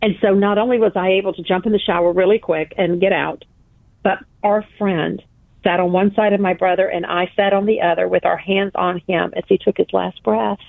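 A woman's voice: medium pitch, fairly even intonation, a little fast, gravelly, no echo. A woman guest telling a personal story in an interview, earnest and emphatic, repeating phrases for weight. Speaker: guest author. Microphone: phone call. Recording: tinny phone line, dry.

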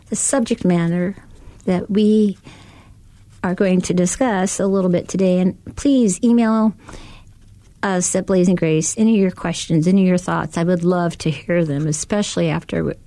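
Woman doing a heartfelt devotional talk, lowish mellow voice, dry close sound, keeps asking questions and repeating herself. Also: creaky, no echo. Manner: earnest, repeats phrases and asks rhetorical questions. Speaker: ministry co-host and women's group leader.

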